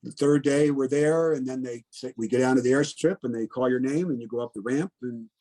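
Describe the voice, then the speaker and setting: A veteran in his seventies from Connecticut, USA, speaks in a brisk, medium-pitched, mellow voice during an oral history interview. He tells his story bluntly and plainly, often in the present tense and with plenty of "you know."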